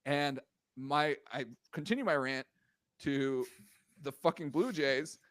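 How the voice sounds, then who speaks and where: On a casual sports podcast, this co-host talks through the news slowly in a slightly high, fairly bright voice, ranting, cursing and exasperated. The sound is clean studio audio with no room sound.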